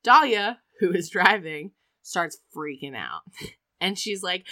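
A woman casually retelling a story to a friend, acting out the people in it with lots of "like" and sudden loud bursts. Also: medium pitch, slow pace. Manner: animated, acts out quoted characters, lots of "like". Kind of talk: casual chat.

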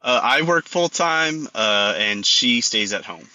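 A man's voice: mid-range voice, lively intonation, takes it slowly, pushed and bright, no echo. Hesitant Texan man on a phone line. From Texas. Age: 30s. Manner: hesitant, repeats words. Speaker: caller. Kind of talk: phone-in conversation.

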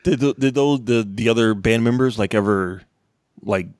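A man co-hosting a podcast in casual chat, enthusiastic and animated, swearing freely. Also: mid-range voice, moderate pace, no room sound, clean studio sound. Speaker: podcast co-host.

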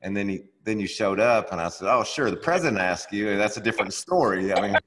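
Male co-host, dry teasing, lower voice, reverberant. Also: lively intonation, fast talker, fairly bright tone. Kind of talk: casual chat.

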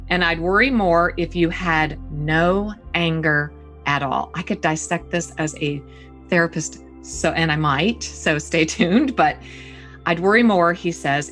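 A woman hosting a talk radio interview, asking questions and reading aloud with emphatic, expressive delivery. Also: on the low side. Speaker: radio host.

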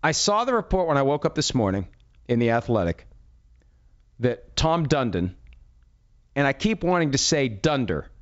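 A man's voice: mid-range voice, very animated, normal speed, long pauses, highs cut off. Chatty man talking through a head cold. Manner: chatty, rambling, self-deprecating asides. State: has a head cold, runny nose. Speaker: sports radio host. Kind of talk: casual monologue.

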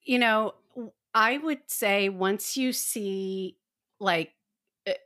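Co-hosting a laid-back fan podcast, this woman retells scenes with lots of energy, voicing the characters' lines herself. Her voice is medium-pitched and bright, with a forceful tone and a slow delivery.

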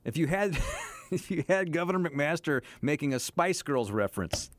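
A man's voice: on the high side, lively intonation, moderate pace, no echo. A man hosting a morning radio show, chatting casually about politics and chuckling between points. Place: radio studio.

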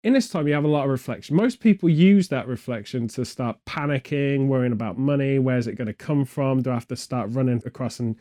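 A man's voice: medium pitch, brisk, few pauses, mellow. A man from the UK chatting casually, spinning meandering, absurd comic tangents with a straight face. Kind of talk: comedic rambling chat.

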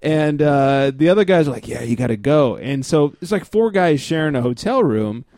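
A man's voice: on the high side, expressive, moderate pace, darkish tone. A man hosting a casual podcast chat, telling stories with wry, self-mocking jokes. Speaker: podcast host.

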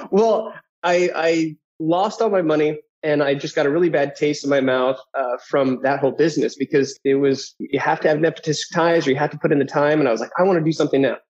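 A man in his thirties, a guest telling personal stories in an animated way, who often acts out the voices of people in his anecdotes. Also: a little high, moderate pace. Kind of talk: personal storytelling. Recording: dull lo-fi audio.

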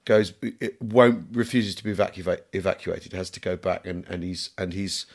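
A man's voice: sits low, flat delivery, moderate pace, creaky, darkish tone. A middle-aged English man co-hosting a history podcast, joking and rambling with lots of fillers and restarts. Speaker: podcast co-host. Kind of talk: casual chat.

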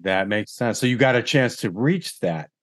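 A man speaking as a guest life coach in a podcast conversation, calm, measured and gently probing. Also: on the low side, dry recording, clean studio sound.

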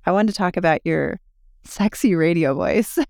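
Middle-aged woman, smooth clear voice, bright and playful co-host, dry close mic. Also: on the low side, moderate pace, no room sound. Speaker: podcast co-host. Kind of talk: casual podcast chat.

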